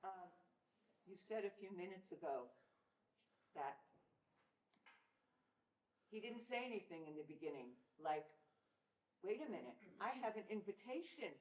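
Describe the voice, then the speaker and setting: A woman asks her question quietly from the back of the class, voicing the words a character might have said. The sound is dull and roomy, with plenty of echo around her voice. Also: mid-range voice, sing-song, a little slow, long pauses. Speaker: student in the class. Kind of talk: question from the audience.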